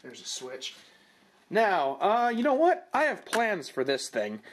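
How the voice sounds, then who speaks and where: High-pitched guy doing a rambly dry review, camera mic, noisy recording. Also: huge pitch swings, a little slow. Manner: rambling, dry and self-mocking. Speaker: product review vlogger. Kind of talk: casual unboxing commentary. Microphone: camera microphone.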